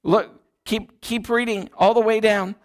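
Male pastor, sermon, high voice, emphatic, call-and-response. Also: steady tone, measured pace. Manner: emphatic, repetitive, calls congregation to respond. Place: church.

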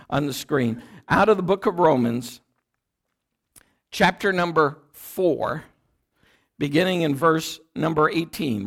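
Male pastor, sermon, high voice, emphatic, call-and-response. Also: creaky. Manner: emphatic, repetitive, calls congregation to respond. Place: church.

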